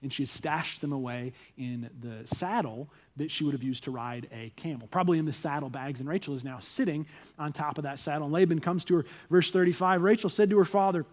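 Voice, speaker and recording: A young adult man preaching a sermon at a church, telling the story with animated delivery and acting out the people's voices. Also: fairly high pitch, a little fast. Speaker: pastor. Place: church stage.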